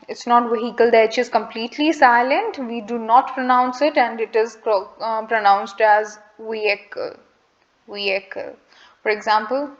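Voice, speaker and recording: A young woman with an Indian English accent explains pronunciation in a calm, patient way. She says each word slowly and repeats it, sometimes slipping into Hindi. Her voice sits fairly high, and the recording sounds dull and lo-fi. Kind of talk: casual lesson to camera.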